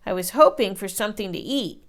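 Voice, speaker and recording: A woman's voice: medium pitch, lively intonation, fairly quick, natural voice. A woman reading a children's picture book aloud, voicing a plucky, hungry young boy. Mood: eager.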